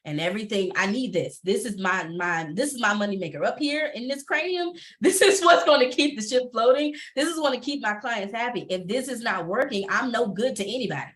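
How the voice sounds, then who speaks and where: Expressive woman on a video call. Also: a little fast, hardly any pauses. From Atlanta, US. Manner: expressive, laughing often, varied pitch. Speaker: panelist entrepreneur. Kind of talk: panel discussion, personal testimony.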